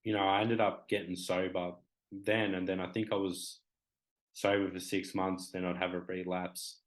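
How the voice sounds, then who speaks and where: Low flat-voiced Australian man. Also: moderate pace, rough recording. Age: 20s. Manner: rambling, many "um" and "you know" fillers. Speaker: guest. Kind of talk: candid talk show interview.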